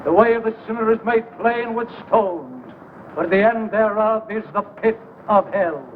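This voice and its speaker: An actor playing a fervent street preacher intoning a prayer for sinners. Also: male voice, high voice, measured pace. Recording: tinny old film soundtrack with hiss.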